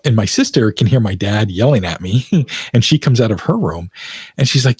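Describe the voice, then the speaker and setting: A man's voice: mid-range voice, lively intonation, moderate pace, a little mellow, breathy edge, no echo. A man, a podcast guest, telling a personal story in loose, chatty speech full of fillers, often laughing. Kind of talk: casual storytelling in a podcast interview.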